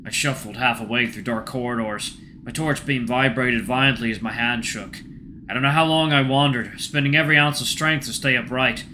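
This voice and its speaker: A man hosting a gaming channel, reading a game's first-person story aloud in a hushed, tense way. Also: mid-range voice, a little fast, a little hiss or hum.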